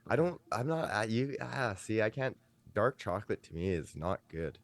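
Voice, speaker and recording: A man with a very deep voice co-hosting a podcast, recorded close and dry. He speaks bluntly, teasing the others and swearing freely. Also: sing-song, moderate pace, no room sound. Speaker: podcast co-host. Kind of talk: casual chat.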